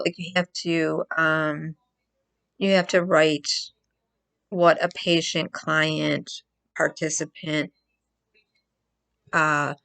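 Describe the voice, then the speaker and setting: A woman's voice: lowish voice, a bit bright. A woman vlogger talking to camera in casual commentary, emphatic and prone to repeating herself for stress.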